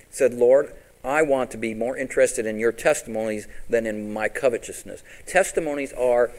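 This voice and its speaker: A pastor preaching with lively emphasis. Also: male voice, low-quality recording. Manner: preaching to a congregation, asking questions and quoting scripture; rises and drops in pitch and loudness for emphasis. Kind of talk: sermon.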